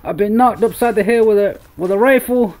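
Speaking a little fast in a high, slightly mellow voice, a young man provides let's-play commentary on a horror game for his YouTube channel. He's jumpy, exclaims often, and calls his viewers Wolfpack.

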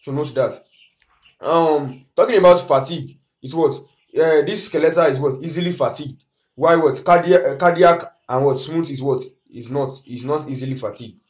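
A Nigerian man with a fairly high voice teaches an exam revision lesson. He keeps asking "what?" and supplies the answer himself. His voice is close to the mic, over the lesson slides. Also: moderate pace.

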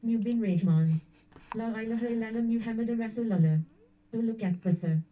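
A synthetic woman's voice reading out chat names and comments in a flat machine delivery. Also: on the high side, a little fast, distant mic, poor audio.

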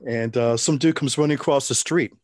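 A middle-aged man, an interview guest, telling his story in a relaxed, wry way with frequent restarts. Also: medium pitch, brisk, dry recording.

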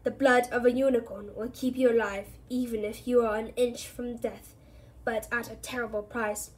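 A young, wise male centaur speaks slowly and gravely, as a woman reader gives him voice. The voice sits fairly high. It is a storybook reading. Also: little pitch movement, natural voice.

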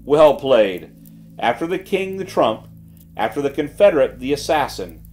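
A man voicing a shrewd gentleman detective who speaks quietly and with calm assurance. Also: mid-range voice, natural voice. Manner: quiet, measured, self-assured.

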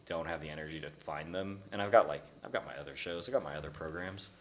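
A man's voice: a bass voice, fast talker, fairly bright tone. A man, a tattooer on a podcast panel, chatting in a laid-back way and swearing casually. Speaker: tattooer guest.

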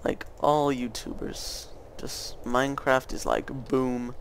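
A man's voice: medium pitch, takes it slowly, vocal fry, slight background noise. A young man rambling through casual gameplay commentary, hesitant, with many fillers and restarts. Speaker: gaming YouTuber.

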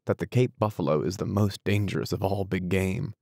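A polite, composed young hunter, read by a male audiobook narrator, with a slightly lifted, inquiring lilt. The voice stays low and dark underneath, with some gravel. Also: brisk, no room sound, clean studio sound. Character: composed young American big-game hunter, man. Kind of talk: audiobook character reading.

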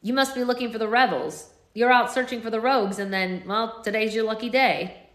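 A woman's voice: on the high side, a little fast, fairly bright tone, voice pushed up, lightly acted. A woman voicing a brash young rebel soldier leader who talks in a cocky, teasing way in an echoey room. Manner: cocky, teasing, says "mate".

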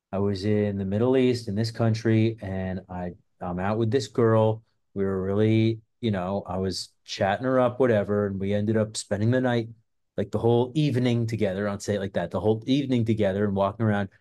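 A man's voice: lowish voice, mellow. A man hosting a self-defense channel, talking in a rambling, casual monologue full of fillers and swearing. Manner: rambling, profane, filler-heavy.

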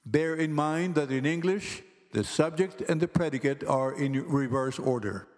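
A man teaching Greek grammar in slow, careful scripted narration, pronouncing each word deliberately. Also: fairly high pitch. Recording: long hall reverb with faint music.

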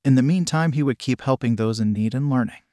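A man's voice: medium pitch, fairly quick, dark tone, dry recording, clean studio sound. A man narrating a fan-fiction story aloud in a literal, plain reading manner.

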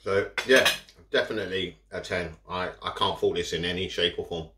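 A man with a low voice talks fairly quickly against a noisy background, chatting casually and rambling with his mouth full as he eats for a food vlog. The food vlogger is recorded in an echoey room, with cutlery and dishes clattering behind him.

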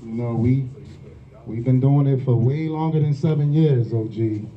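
A man with a mid-range voice, calmly thanking the people who support his shop. The recording is dull and lo-fi. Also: mid-range voice, normal speed. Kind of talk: thank-you speech.

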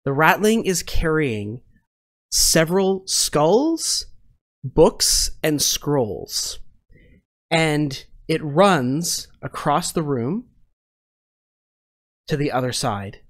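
A man narrating a tabletop game as game master, in slow, descriptive narration. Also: a little high, animated, dry recording, clean studio sound.

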